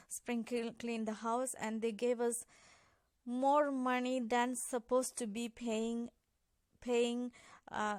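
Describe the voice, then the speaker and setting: Earnest woman with a higher voice. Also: a little mellow, clean tone, dry recording. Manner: earnest, halting retelling with many restarts. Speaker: migrant sharing a personal story. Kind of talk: personal anecdote.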